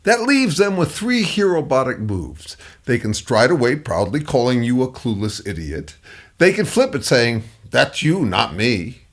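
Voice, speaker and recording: A man's voice: mid-range voice, big pitch swings, moderate pace. A middle-aged man giving scripted advice commentary, emphatic and acting out the replies he quotes. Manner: emphatic, acts out quoted replies in shifting voices. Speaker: consultant on dealing with difficult people.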